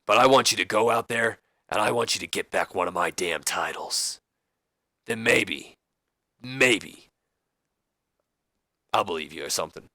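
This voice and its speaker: A man voicing a gruff, angry older male wrestling boss who talks in a curt, scornful growl. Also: lowish voice, unhurried, long pauses, bright, forceful tone, no echo, clean studio sound, exaggerated voice.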